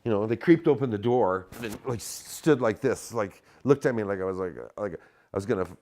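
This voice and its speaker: A man telling a story in casual chat, animated and profane, acting out the shouted lines. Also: lowish voice, moderate pace.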